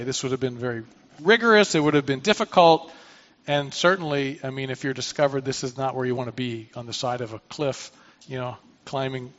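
In lo-fi audio, a male pastor with a mid-range, slightly bright voice reads from scripture. He then unpacks the passage in a conversational sermon full of asides and restarts.

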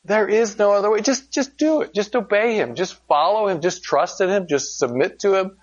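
A man's voice: sits high, moderate pace, dull audio. A man preaching a sermon in a conversational way, asking rhetorical questions and telling stories with animation. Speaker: pastor.

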